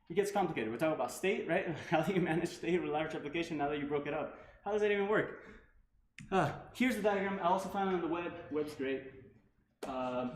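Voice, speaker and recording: A man giving a casual technical talk at a developer meetup, full of fillers like "like" and "right?". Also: fairly high pitch. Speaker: meetup speaker. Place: meetup room. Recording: echoey room, faint background noise.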